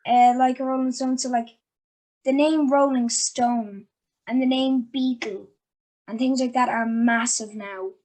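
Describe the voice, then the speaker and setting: High-voiced woman interviewing someone, chatty, lots of ums and likes. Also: fairly even intonation, unhurried, darkish tone. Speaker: interviewer and host. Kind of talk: casual interview chat.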